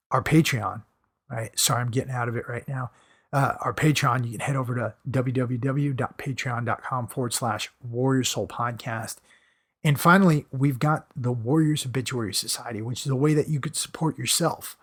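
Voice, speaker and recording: A man hosting a podcast, talking in an emphatic motivational monologue and repeating phrases for stress, his voice hoarse and fading. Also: medium pitch. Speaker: podcast host.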